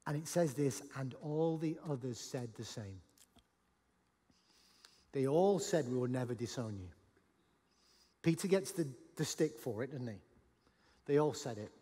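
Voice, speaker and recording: Animated pastor preaching in a big hall. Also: male voice, on the high side, measured pace, long pauses. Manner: animated, acts out Bible dialogue with sudden shouts. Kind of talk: sermon. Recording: long hall reverb.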